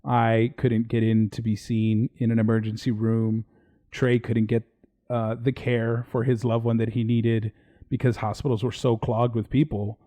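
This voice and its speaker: A man's voice: mid-range voice, little pitch movement, a little slow, mellow. A man co-hosting a podcast in casual, rambling live-stream chat. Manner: laid-back, rambling, swears casually. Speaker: podcast co-host.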